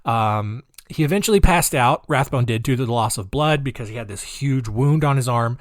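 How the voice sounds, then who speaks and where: A man's voice: mid-range voice, normal speed, dry recording, studio quality. A young adult man hosting a casual history podcast, rambling with lots of fillers, restarts and laughs. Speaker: podcast host.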